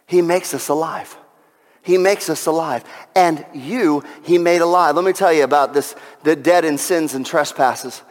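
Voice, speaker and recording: A man with a high voice preaches from the pulpit of a church. He builds fervently and repeats his key lines for emphasis. The sound rings with the long reverb of a large hall. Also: moderate pace. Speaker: pastor. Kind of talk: Easter sermon.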